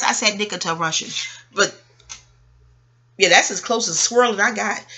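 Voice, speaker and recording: A woman's voice: fairly high pitch, sharp tone, slightly rough. A middle-aged woman from Harlem, talking in a rambling, profane monologue, digressing and laughing often. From New York, Harlem. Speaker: astrologer and host.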